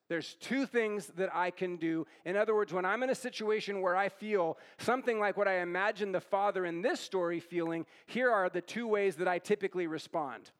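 A man's voice: high-pitched, a bit bright. A male pastor giving an interactive sermon, asking the audience questions, repeating their answers and tagging lines with "right?". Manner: conversational, often tags lines with "right?".

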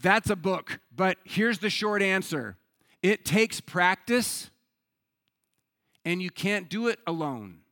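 Male pastor, sermon delivery, animated conversational storyteller, bright voice, dry close sound. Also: sits high, slow, dry recording. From United States.

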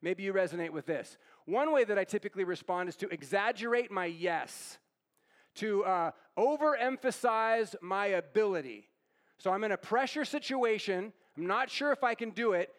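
A man with a high voice gives a conversational sermon. He keeps asking his listeners questions, echoes their answers back and tags his points with "right?". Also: expressive, moderate pace. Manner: asks the audience questions and repeats their answers. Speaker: pastor. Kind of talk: interactive sermon.

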